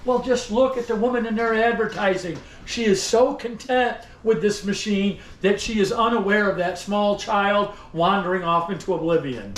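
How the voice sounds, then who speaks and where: A man with a high, bright voice works the crowd like an old-time salesman, full of showy flourishes and playful jabs at his listeners. He speaks to the group directly as he leads a museum tour. The sound bounces around an echoey indoor room, with a faint hum of noise behind him. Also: moderate pace, few pauses. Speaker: costumed museum tour guide. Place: indoor store museum among visitors.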